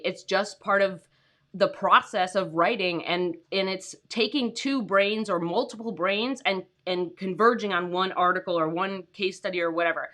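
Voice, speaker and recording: A woman's voice: mid-range voice, fairly bright tone. A woman in her thirties coaching freelance writers on a casual livestream from home, talking loosely with lots of fillers and greeting viewers by name. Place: home, with her dogs nearby.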